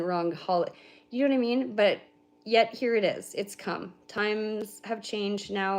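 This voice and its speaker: A young woman giving an intuitive spiritual reading on a livestream, talking in a rambling, heartfelt way with casual swearing. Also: mid-range voice. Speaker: spiritual reader.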